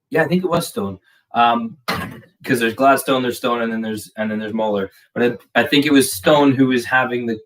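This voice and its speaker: A man giving a casual live drum lesson, explaining patterns in a chatty way with plenty of fillers. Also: medium pitch. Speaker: drum teacher. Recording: distant mic with clear background noise.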